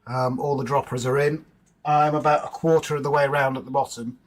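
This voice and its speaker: A man's voice: medium pitch, steady tone, a little fast, rough recording. A man hosting a casual livestream from home, chatting informally with viewers in the chat and bantering with his partner. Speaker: livestream host.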